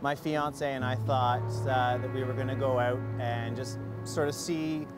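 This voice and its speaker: A man giving earnest personal testimony as an interviewee, pausing often with fillers. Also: medium pitch, steady tone, over music.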